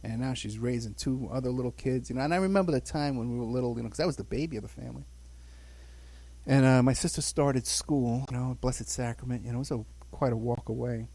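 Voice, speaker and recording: A man's voice: medium pitch, a little fast, dark tone. A man in his sixties from the Bronx, telling rambling childhood stories in a casual podcast chat, chuckling and saying "you know" a lot. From the Bronx, New York. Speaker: guest recounting his childhood.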